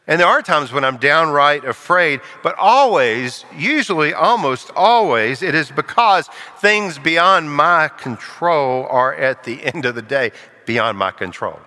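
An older man preaching a sermon, acting out quoted voices and sinking to a hush for solemn lines. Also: on the high side, long reverb tail.

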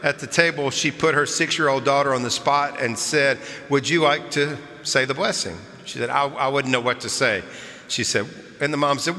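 A male pastor giving a sermon, telling funny stories about children with gentle chuckles, then preaching earnestly. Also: mid-range voice, moderate pace. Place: large church sanctuary. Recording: long church-hall reverb.

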